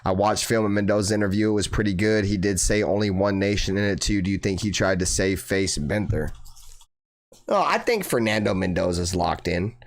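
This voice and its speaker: A man's voice: on the low side, a little fast. A young man hosting a fan channel livestream who reads viewer comments, swears freely and keeps calling listeners bro. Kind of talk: casual livestream chat reading viewer comments.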